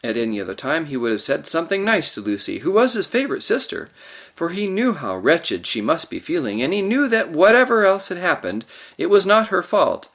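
A man narrating a storybook in an expressive, varied way. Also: a little high, fairly quick. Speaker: audiobook narrator.

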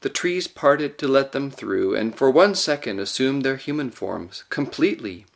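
A man narrating a children's story aloud with expressive storytelling. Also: mid-range voice. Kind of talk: audiobook reading of a children's story.

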